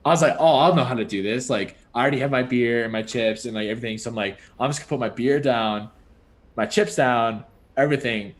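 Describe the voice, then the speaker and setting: A young man co-hosting a podcast, telling a story in a casual, animated way, laughing often and saying "like" and "dude" a lot. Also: medium pitch, fast. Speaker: podcast co-host.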